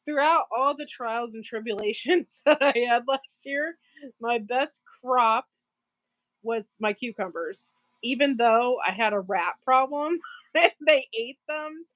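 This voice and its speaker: A woman's voice: fairly high pitch, fairly bright tone, no room sound. A woman hosting a casual live stream from her farm channel, rambling, laughing often and answering viewers in the chat. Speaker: farm channel livestream host.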